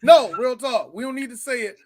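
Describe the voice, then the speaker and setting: A man's voice: very high-pitched, fairly quick. A man co-hosting a live podcast, chatting casually and joking, often acting out lines from a film. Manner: animated, joking, acts out lines. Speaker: podcast co-host. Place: live show stage.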